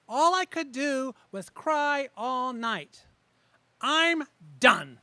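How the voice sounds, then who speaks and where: A man with a high voice performs his poems live before a small audience at an open mic. His tone is bright and forward. He talks casually between pieces and leans hard on the words when he reads. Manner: chatty asides between pieces, slow emphatic reading of poems. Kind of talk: open mic poetry reading with spoken introductions.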